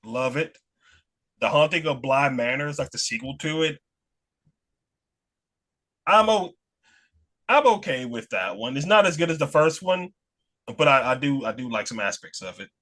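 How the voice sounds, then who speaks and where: A man from Alabama with a Southern American accent talks casually as a podcast guest. His voice is bright and forward. He rambles, restarts his sentences and laughs between thoughts. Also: mid-range voice, animated, normal speed, long pauses. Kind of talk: casual chat.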